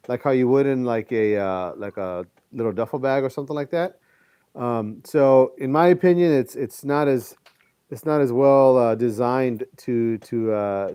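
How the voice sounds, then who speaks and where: A man co-hosting a casual fishing show, calmly explaining gear with lots of fillers. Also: mid-range voice, clean tone, no room sound, clean studio sound. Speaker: co-host. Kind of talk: casual chat.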